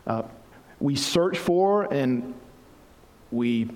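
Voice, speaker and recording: A man's voice: mid-range voice, animated, drawn-out words, a little mellow. Earnest male pastor in a reverberant hall. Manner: earnest, rises to emphatic preaching. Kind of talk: sermon.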